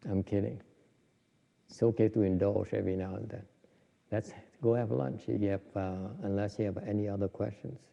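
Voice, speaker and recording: A man's voice: lowish voice, steady tone, fairly quick, creaky, warm tone. A man giving an informal, joking dharma talk on meditation, with many restarts. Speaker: Buddhist meditation teacher. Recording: dull lo-fi recording in a reverberant hall.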